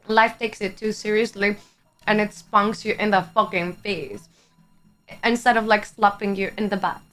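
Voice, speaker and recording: A woman's voice: mid-range voice, fairly bright tone. A young woman from Greece whose first language is Greek, chatting with her live chat on a stream. She is chatty, laughs often and swears casually. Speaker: livestreamer. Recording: faint music behind the voice.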